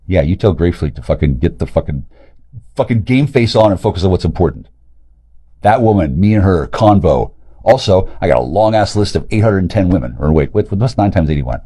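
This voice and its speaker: A man in a rambling, profane monologue, agitated and jumping between loud outbursts and low mutters. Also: animated, breathy edge. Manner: profane, agitated, rapid loud and quiet swings. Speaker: streamer talking to camera.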